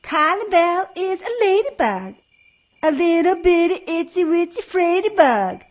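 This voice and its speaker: A woman voicing a mean playground bully boy in a storybook reading, with loud, mocking singsong taunts. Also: a little high, slow, highs cut off.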